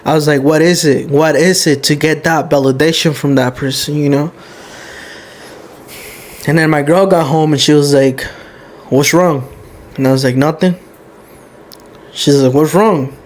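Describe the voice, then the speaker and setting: A man's voice: fairly high pitch, fairly even intonation, moderate pace. A young man hosting a podcast, telling a personal story candidly and with emotion, swearing often. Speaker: podcast host. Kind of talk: casual podcast chat.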